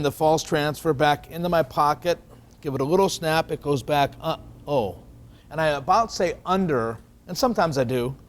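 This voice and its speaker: A man teaching a magic routine in a relaxed, conversational way, walking through each step with frequent restarts. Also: a little high. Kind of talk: casual magic tutorial explanation.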